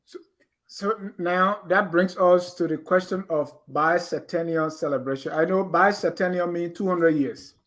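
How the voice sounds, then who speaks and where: Higher-voiced man asking measured questions. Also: a bit bright. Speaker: host. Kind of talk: talk show interview.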